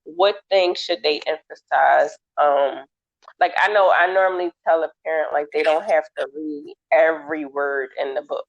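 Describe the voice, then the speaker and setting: Gravelly low-voiced woman host. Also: normal speed. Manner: relaxed and chatty, laughs often. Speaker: interview host. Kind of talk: casual interview chat. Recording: dull lo-fi sound.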